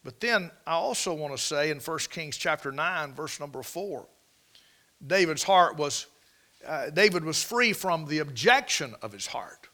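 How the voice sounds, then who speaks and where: Male preacher, sermon, higher voice, folksy, emphatic, rhetorical questions. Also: expressive, a little slow, bright, forceful tone.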